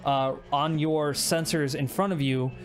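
A game master narrating a tabletop role-playing game in a relaxed way, with many fillers. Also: medium pitch, unhurried, over loud music.

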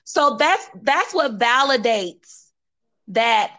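A woman, a singer sharing a personal story in a casual interview, animated and quoting others with repeated phrases. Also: on the high side, slow.

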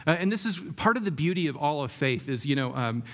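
Man, preacher, relaxed sermon, asks the room questions, fillers, slightly raised pitch. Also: fast talker. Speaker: pastor.

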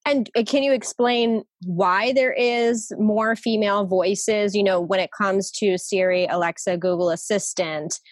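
Woman host asking measured questions. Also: mid-range voice, fairly even intonation, dry recording. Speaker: podcast host. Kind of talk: interviewing a guest.

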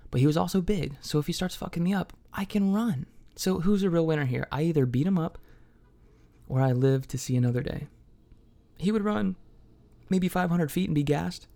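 A man's voice: a little high, vocal fry, dark tone. A young man hosting a solo podcast, telling a story in a casual, profane, self-mocking comic way. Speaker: podcast host.

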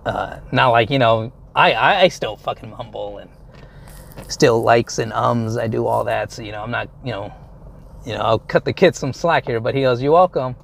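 Young guy with a gravelly, creaky voice, rambling storytime, lots of likes and you knows, swears casually. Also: mid-range voice, moderate pace, a bit bright, a little hiss or hum.

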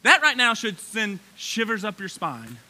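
A man preaching a sermon in a church sanctuary, folksy and animated, his excitement building as he talks. His voice sits high for a man and swoops all over, with a very bright, tense edge. He sounds like he's in his thirties. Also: unhurried. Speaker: pastor.

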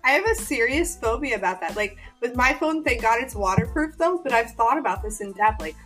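A woman's voice: a little high, animated, a little fast, a bit bright, soft background music. A woman co-hosting a podcast in casual chat, giggly and eager. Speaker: podcast co-host.

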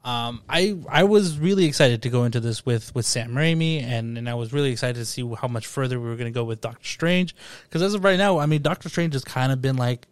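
A man's voice: mid-range voice, animated, fast, hardly any pauses, smooth, dry recording. A man leads a casual podcast conversation about a new film. He rambles a little and repeats words as he works out what he thinks. His voice sits close and dry on the mic. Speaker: podcast host. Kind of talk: casual movie review chat.

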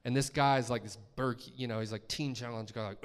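A man's voice: medium pitch, steady tone, a little fast, clean tone, big-room sound. A man from the States, a guest preacher telling his testimony in a conversational storytelling way, acting out his own reactions. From Columbus, Georgia, US. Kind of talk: testimony sermon. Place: church sanctuary.

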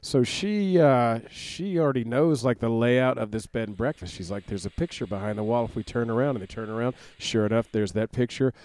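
A man's voice: mid-range voice, no room sound. A man casually recapping a movie plot on a podcast, acting out the characters' lines as he goes. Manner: animated storytelling, acts out quoted lines. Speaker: podcast co-host.

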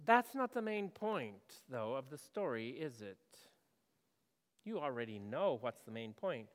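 A male pastor preaching a sermon in a conversational way, asking the congregation questions and moving between loud and hushed delivery. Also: mid-range voice, sing-song, measured pace, long reverb tail.

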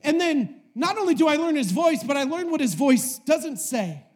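High-voiced man preaching with fervor. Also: big pitch swings, normal speed. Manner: impassioned, swings between shouting and hushed tones; repetitive, rhetorical questions. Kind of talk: sermon to a live audience.

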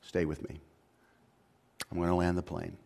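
In a gravelly voice with a flat delivery and normal speed, a man preaches a sermon as pastor. He swings from quiet, low musings to loud, high-pitched urging, with slang and frequent restarts along the way.

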